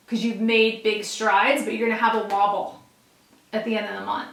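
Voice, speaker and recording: A woman's voice: medium pitch, little pitch movement, moderate pace, gravelly, a bit bright, distant mic, slight background noise. Earnest woman reading tarot in an echoey room. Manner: earnest, emphatic, talks straight to viewers. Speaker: tarot reader. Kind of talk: casual tarot reading to camera. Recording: roomy echo, a bit off-mic.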